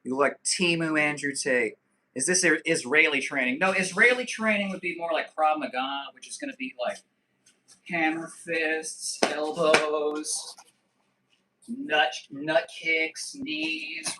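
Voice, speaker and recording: A man's voice: a little high, bright, forceful tone, a little hiss or hum. A man in his thirties hosting a casual live stream, reading viewer comments aloud and joking loosely with frequent swearing. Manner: loose, joking and profane, with quick asides. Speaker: livestream host.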